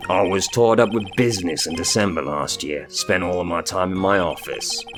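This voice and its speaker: A man voicing a brash, loud male loan-shark gangster with a put-on Brooklyn accent and rough tough-guy slang. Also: low voice, moderate pace, over music, natural voice. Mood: threatening.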